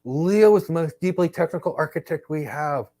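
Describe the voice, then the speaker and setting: A middle-aged man hosting a live career Q&A, telling stories in an emphatic, animated way. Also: a little high, normal speed. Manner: emphatic, animated storyteller who acts out exchanges. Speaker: host and cloud career trainer. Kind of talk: live Q&A with storytelling.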